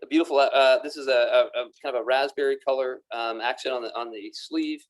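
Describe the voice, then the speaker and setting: A man with a steady, medium-pitched voice talks briskly while showcasing golf apparel on camera in a pro shop. The product demo is casual; he's upbeat and chatty and often says things twice. Sound comes from a camera mic moving around the room.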